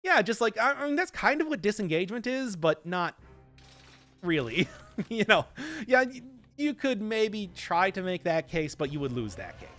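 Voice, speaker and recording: A man's voice: high voice, very animated, moderate pace, fairly bright tone, soft background music. A young man from Wisconsin with a Midwestern accent, chatting and laughing through live game commentary with odd emphasis on words. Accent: Midwestern American. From Wisconsin, USA. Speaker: game streamer.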